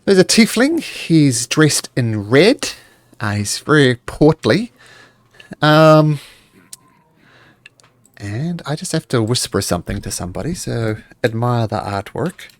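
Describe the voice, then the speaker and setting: A man narrating as game master of a streamed tabletop game, relaxed and halting. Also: mid-range voice, no echo. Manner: relaxed, halting, many restarts.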